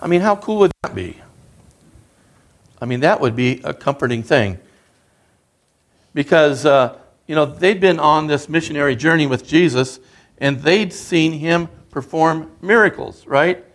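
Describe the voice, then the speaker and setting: A man's voice: a little high, animated, measured pace, pauses often, a bit bright. Earnest man preaching a sermon. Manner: earnest, conversational preaching with rising emphasis. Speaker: guest preacher.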